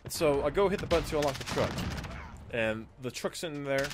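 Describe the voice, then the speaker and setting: A man's voice: on the high side, fairly quick, heavy background noise. A man casually telling a personal story to his viewers, acting out what people said and using lots of fillers. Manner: animated retelling, acts out quoted lines, frequent fillers.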